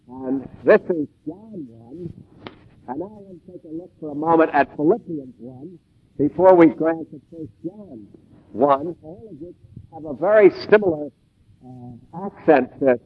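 A man giving an expository sermon in a measured, deliberate way, with emphatic stresses and pauses. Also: on the high side, breathy edge. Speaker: preacher. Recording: tinny phone-like old tape recording.

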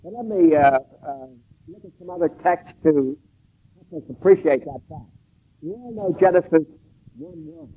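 A man giving an expository sermon in a measured, deliberate way, with emphatic stresses and pauses. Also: on the high side, lively intonation, creaky. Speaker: preacher. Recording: tinny phone-like old tape recording.

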